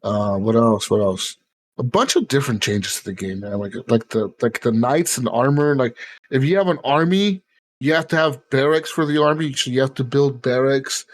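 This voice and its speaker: A man's voice: mid-range voice, normal speed. A man hosting a podcast in casual chat, rambling with lots of fillers and swearing. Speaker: podcast host.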